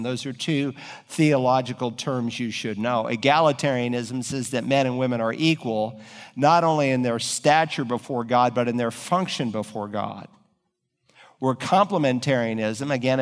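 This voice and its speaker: A man's voice: medium pitch, long reverb tail. A man preaching a sermon as pastor, building to emphatic raised peaks.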